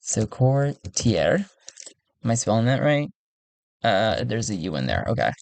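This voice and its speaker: A man thinking aloud as he plays a solo tabletop game, chatty and quick to laugh. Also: fairly low pitch, sing-song, gravelly, darkish tone, no echo.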